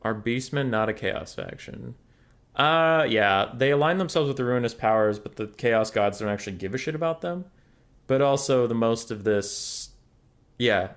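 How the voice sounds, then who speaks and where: During a casual livestream, a young tournament caster comments on the game in an expressive, mid-range voice at normal speed. He's talkative and responds aloud to what chat asks.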